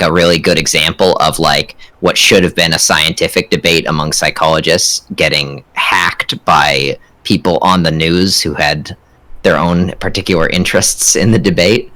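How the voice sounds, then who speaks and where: Young guy on a podcast, low deep voice, bright edge, earnest and thinking aloud. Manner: earnest, thinks out loud with restarts. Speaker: podcast co-host. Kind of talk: casual chat.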